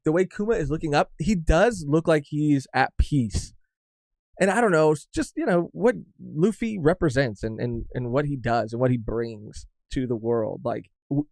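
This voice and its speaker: A man on a casual podcast talks through a manga chapter with animated enthusiasm. He swears offhandedly and restarts his sentences as he thinks. His voice sits fairly high for a man, recorded dry and close with no room sound. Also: dry recording. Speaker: podcast co-host. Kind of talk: casual chat reviewing manga.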